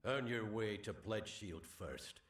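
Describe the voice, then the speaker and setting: A man's voice: fairly low pitch, slow, noisy background. An actor playing a proud veteran male mercenary warrior in a game, speaking with a thick, laid-on Scottish accent in a stern, formal way. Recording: game audio from afar, roomy.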